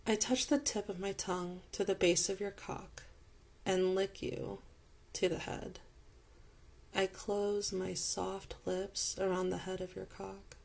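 Slow, husky-toned woman narrating intimately. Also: mid-range voice, level tone, darkish tone. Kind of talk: second-person intimate audio role-play narration.

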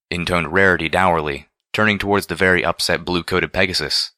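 Deep, forceful male storyteller. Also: steady tone, quick pace, few pauses, dry recording, studio quality. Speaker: audiobook reader. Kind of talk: first-person story narration.

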